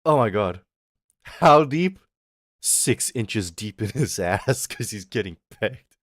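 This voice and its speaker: A young man chats loosely on a livestream, cursing and chuckling as he rambles. His pitch swings widely, rising and falling as he talks. The sound is close and dry. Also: lively intonation, slow, no echo. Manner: rambling, profane, laughing often. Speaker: streamer. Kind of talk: casual livestream chat.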